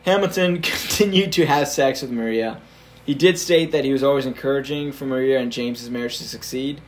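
A young man retells a historical scandal in loose, casual podcast talk, laughing often and padding with fillers. His pitch sits mid-range. A faint hiss runs under the recording. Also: brisk. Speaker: podcast co-host telling a history story.

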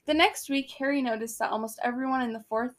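Young woman gabbing about a book, high voice, lots of likes and giggles. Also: fast talker. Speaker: podcast co-host. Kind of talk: casual book discussion.

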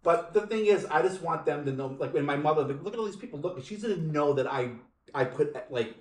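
A man hosts a casual podcast, his voice sitting a bit high and swinging up and down as he talks. He jokes around and swears freely. The sound carries a noticeable room echo. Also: brisk. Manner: animated, swearing, jokey. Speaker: podcast host.

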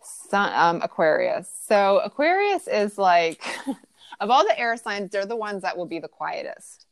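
A woman's voice: medium pitch, sing-song, a little slow, dry recording. A woman chatting casually about astrology, rambling with lots of fillers. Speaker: podcast co-host explaining astrology. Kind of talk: casual chat.

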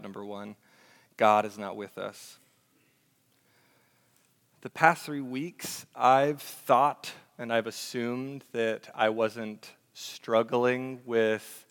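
A man's voice: on the low side, fairly bright tone, clear, resonant tone, big-room sound. A young man preaching a sermon as pastor, earnest and conversational, with fillers and self-corrections.

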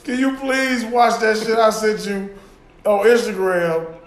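A man's voice: high-pitched, fairly even intonation, a little slow, echoey room. A man co-hosting a podcast, talking loosely and profanely and laughing often. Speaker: podcast co-host. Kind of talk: casual chat.

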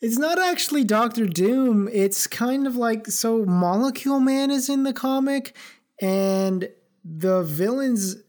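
A woman's voice: on the high side, expressive, a little slow, a little mellow. A woman co-hosting a podcast in casual chat, retelling a plot in a laid-back, profane way. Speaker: podcast co-host.

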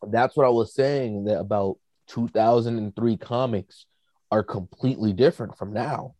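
Rambling, low-voiced young man. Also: normal speed, warm tone, dry recording. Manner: rambling, full of fillers. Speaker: podcast co-host. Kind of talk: casual chat.

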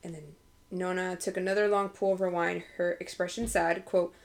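A woman's voice: on the low side, little pitch movement, moderate pace. Enthusiastic woman podcast co-host. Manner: enthusiastic, laughs easily, reads passages aloud. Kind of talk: casual book-club chat.

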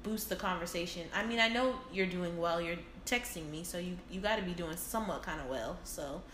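A woman's voice: on the low side, brisk, a bit bright. A woman chatting casually and giving friendly advice, laughing often. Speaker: co-host. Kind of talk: casual chat. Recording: echoey room with faint noise.

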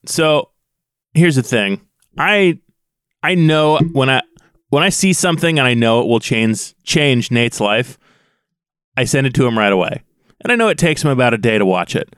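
A man co-hosting a casual podcast, telling stories quickly and laughing often. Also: mid-range voice, animated, fairly bright tone, smooth, no room sound, clean studio sound. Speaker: podcast co-host.

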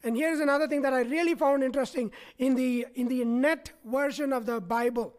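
A man's voice: very high voice, brisk. A man preaching a sermon to his congregation, often checking in with them by asking "right?". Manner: asks the congregation frequent "right?" tags. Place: church.

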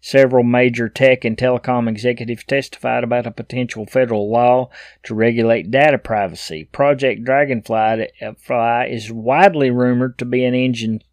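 A man's voice: medium pitch, fairly even intonation, moderate pace, darkish tone, no echo, clean studio sound. A man in middle age giving casual commentary on news headlines, reading each item aloud and then adding blunt, opinionated asides.

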